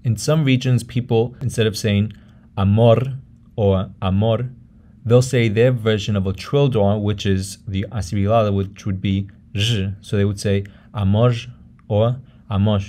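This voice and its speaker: A man narrating a pronunciation lesson in a measured way, saying example words slowly and often twice. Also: fairly low pitch, fairly even intonation, mellow. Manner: measured, repeats each example word slowly. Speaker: language teacher.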